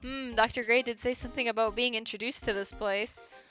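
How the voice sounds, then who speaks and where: A woman's voice: a little high, fairly even intonation, brisk, a bit bright, faint music behind, natural voice. A woman reading the lines of an earnest young male defense attorney in a game in her own plain, questioning voice. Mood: inquiring.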